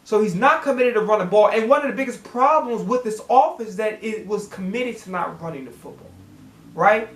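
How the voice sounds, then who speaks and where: A man's voice: sits high, animated, a little fast, reverberant. A man hosting a sports reaction channel, ranting as a fan with heavy cursing and words repeated when he gets worked up. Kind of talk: profane fan rant.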